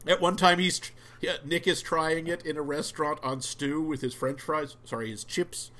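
A man's voice: on the high side, normal speed. A man co-hosting a casual film chat, eagerly recounting scenes with stumbles. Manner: animated storyteller, recounting scenes. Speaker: podcast co-host.

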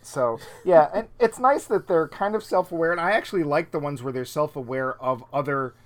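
A man's voice: fairly high pitch, fairly quick. A man co-hosting a casual film chat, rambling with lots of fillers and restarts. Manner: rambling, self-interrupting with fillers. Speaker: podcast co-host.

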